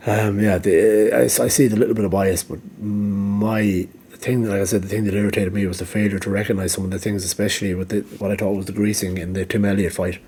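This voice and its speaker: A man's voice: lowish voice, level tone, fairly quick, hardly any pauses, warm tone, slightly rough. A man giving rambling casual commentary, full of ums and restarts, and he is losing his voice. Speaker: MMA vlogger.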